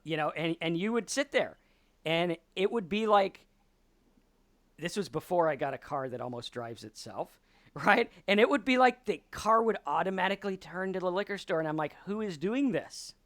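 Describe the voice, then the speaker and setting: Animated man lecturing at a whiteboard. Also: high-pitched, moderate pace, dry recording. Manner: conversational, animated, acts out quoted voices. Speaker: podcast host.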